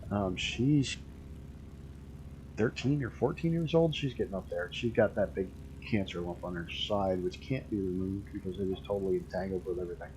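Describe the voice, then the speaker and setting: A man's voice: sits low, moderate pace, a little mellow, slight background noise, low-quality recording. A man streaming a flight game, chatting casually and rambling through stories with the odd swear word. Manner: laid-back rambling storyteller, swears casually.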